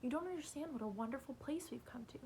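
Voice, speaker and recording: Woman reading as an eerily calm possessed boy. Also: high voice, quick pace, slight background noise, pitched above the performer's own voice, poor audio. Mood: eerie calm. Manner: bland, reasonable, coaxing. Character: boy spoken through by an alien, eerily calm.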